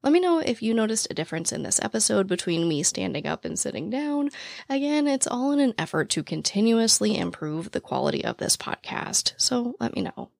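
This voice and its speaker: A young woman hosting a podcast in casual chat, with a naturally raspy voice, talking very fast and out of breath. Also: on the high side, very animated, no echo. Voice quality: naturally raspy voice with vocal fry. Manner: talks very fast, breathless and rambling. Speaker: true crime podcast host. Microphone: podcast mic, standing while recording.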